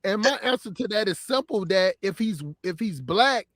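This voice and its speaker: A man's voice: high voice, animated, moderate pace, a bit bright, dry recording, clean studio sound. A man co-hosting a casual talk show, speaking emphatically and opinionatedly and often laughing. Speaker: podcast co-host. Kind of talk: casual conversation.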